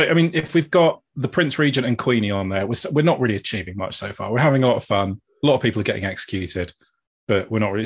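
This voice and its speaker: Halting man pitching ideas in a chat. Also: husky. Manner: halting, repeats words while pitching ideas. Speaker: podcast co-host. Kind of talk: casual chat.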